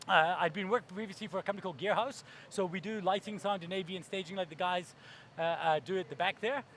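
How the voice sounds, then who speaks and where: A man's voice: high-pitched, fairly even intonation, fast talker, a bit bright, slight background noise. A man giving a keynote talk on stage, brash and profane, acting out voices for comic effect. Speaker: keynote speaker.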